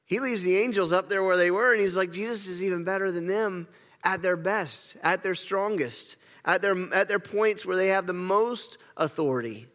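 A man's voice: sits high, normal speed, fairly bright tone. A pastor delivers his sermon in a slightly raised voice, earnest and prone to stumbling restarts. His words ring through a church hall with a long, lingering reverb.

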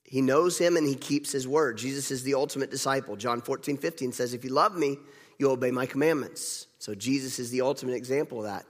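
A man preaching a sermon in a conversational, animated way, retelling the scripture with laughs. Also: medium pitch, fairly quick, in a large hall.

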